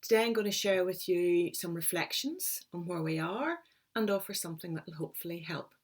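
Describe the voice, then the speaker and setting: A middle-aged woman, giving a calm, encouraging motivational talk as a coach. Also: on the low side, fairly quick. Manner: calm, encouraging, explains step by step.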